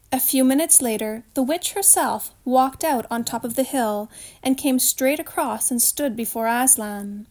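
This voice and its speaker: A woman narrates a storybook aloud, steady and expressive. Her voice sits a little high. She reads with even care. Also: a little slow.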